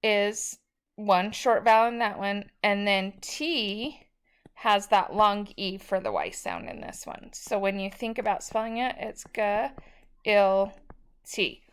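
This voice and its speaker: Slow, patient woman teacher. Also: medium pitch, animated, clear, resonant tone. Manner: slow, patient, sounds out syllables. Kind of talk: spelling lesson for children.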